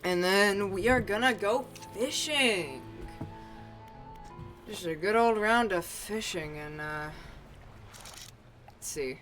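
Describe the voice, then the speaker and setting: A woman's voice: medium pitch, takes it slowly, long pauses, a bit bright, soft background music. A woman streaming a fishing game, chatting casually, laughing and swearing between dialogue. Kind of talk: casual gameplay commentary.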